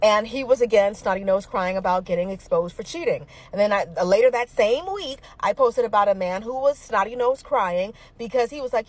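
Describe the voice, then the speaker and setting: A woman giving reaction commentary in an animated way, mimicking the people she mocks. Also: mid-range voice, fairly quick, hardly any pauses. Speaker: social media commentator.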